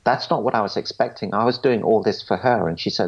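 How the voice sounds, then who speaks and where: A man's voice: fairly low pitch, quick pace, slightly rough, highs cut off. A man in his forties telling his story as a podcast guest, earnest, often stammering and restarting, acting out what others said to him. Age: 40s. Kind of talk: storytelling interview answers.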